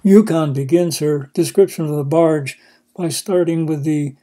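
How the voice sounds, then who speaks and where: A man giving calm, matter-of-fact scripted narration for a travel video. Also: a little high, measured pace.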